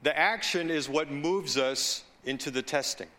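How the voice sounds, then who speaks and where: A man preaching in a bright, clear-edged voice, taking his time over each phrase. He mixes personal stories into the sermon and checks in with the congregation as he goes. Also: a little high. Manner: slow, deliberate preaching with asides and call-outs to the congregation. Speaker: pastor.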